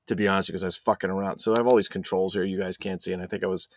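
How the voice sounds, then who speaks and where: A man's voice: deep voice, fairly even intonation, racing, dry recording. A man hosting a casual live stream, joking loosely, swearing and reading viewer chat aloud. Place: home streaming setup.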